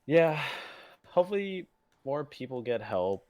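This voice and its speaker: A man's voice: medium pitch, big pitch swings, measured pace, crowd noise. A man who is a guest on a casual podcast, laid-back, laughing often and calling the host "dude".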